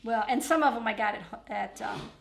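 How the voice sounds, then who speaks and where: A woman talks casually and dryly with her son during his stream. Her voice sits a little high, and clear clicking noises come through behind her. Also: brisk, fairly bright tone, a little hiss or hum. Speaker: streamer's mother. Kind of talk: casual conversation.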